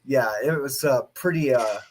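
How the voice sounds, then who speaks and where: A man co-hosting a casual chat, speaking haltingly with many fillers and restarts. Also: medium pitch, slight background noise.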